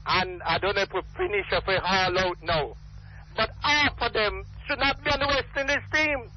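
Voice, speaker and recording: An older Jamaican man talks through a radio call-in line, his voice pitched high and his speech emphatic and rambling. He repeats himself as he presses his points. The line is muffled, with a faint hiss underneath. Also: moderate pace. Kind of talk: impassioned call-in talk.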